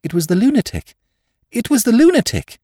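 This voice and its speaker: A man voicing an excitable, nervous young curate who talks in trembling, feverish agitation. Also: on the low side, normal speed, no echo, studio quality, voice pushed up, close to an everyday voice.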